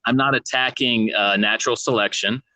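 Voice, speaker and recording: Give me a hesitant, earnest man, bright-toned, dry close audio. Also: mid-range voice, steady tone, fairly quick, no echo. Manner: earnest, hesitant, repeats words. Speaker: guest. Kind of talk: casual online debate chat. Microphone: video call.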